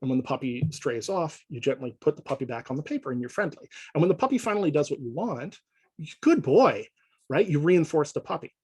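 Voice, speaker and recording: A man lecturing in a relaxed, conversational way, often checking in with his listeners as he explains. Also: on the high side, fast, breathy edge, dry recording, poor audio. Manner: conversational, checks in with frequent "right?". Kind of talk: informal lecture.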